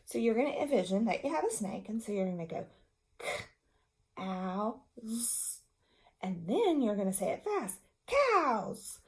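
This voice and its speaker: A woman teacher patiently explains reading strategies to young children and their parents. Her voice is mellow and medium in pitch, with big swings in intonation, and she talks slowly in a demonstrative way.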